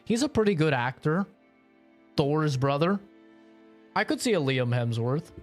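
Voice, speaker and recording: A man's voice: a little high, very animated, measured pace, soft background music. A young man streaming and chatting casually, rambling and joking with a lot of swearing. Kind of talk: casual chat.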